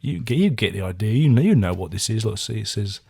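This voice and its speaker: A man's voice: on the low side, expressive, fast, vocal fry, a little mellow, breathy edge. A man casually reviewing his record collection, rambling with dry self-mocking jokes. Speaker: album reviewer. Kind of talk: casual chat.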